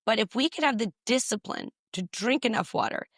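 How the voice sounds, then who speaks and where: Lady doctor on a podcast, kinda high voice, rattling off tips one by one, dry close mic. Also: animated, fairly bright tone, no room sound. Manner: brisk, explains point by point in numbered tips. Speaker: physician guest. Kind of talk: podcast interview.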